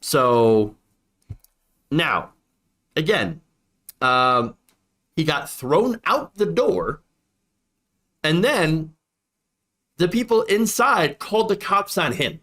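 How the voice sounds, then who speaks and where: A man's voice: on the high side, big pitch swings, extremely slow, pauses often, bright, forceful tone. A man doing online political commentary, indignant and sarcastic, often repeating himself for emphasis.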